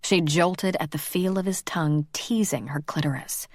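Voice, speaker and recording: A woman narrating a romance audiobook in a slow, measured, intimate reading. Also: lowish voice, no room sound, clean studio sound.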